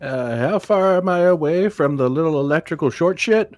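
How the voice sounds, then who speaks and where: A man at a tabletop game calls out his attacks and rolls in a joking manner. His voice sits high and swoops animatedly. The sound is dry and close, with faint music behind. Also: normal speed, dry recording. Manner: lively, joking. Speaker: player. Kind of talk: casual tabletop play.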